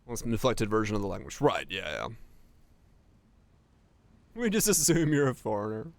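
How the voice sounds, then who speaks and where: A man's voice: fairly low pitch, huge pitch swings, moderate pace, no room sound. A streamer from Finland with an American accent carrying slight Southern touches, rambling casually as he answers chat.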